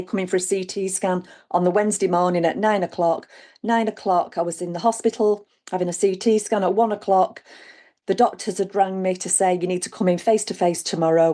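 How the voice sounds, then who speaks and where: A middle-aged woman, telling her own story in a chat and acting out what people said. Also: on the low side. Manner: lively, animated retelling with acted quotes. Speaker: guest sharing her story. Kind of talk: conversational storytelling.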